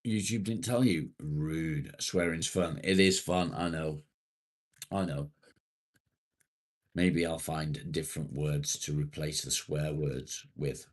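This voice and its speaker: A man chats on a live stream in a deep, unhurried voice with a husky edge. He reads out viewers' comments, swears freely and rambles along in a self-deprecating, low-key way. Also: steady tone. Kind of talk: casual live-stream chat reading comments.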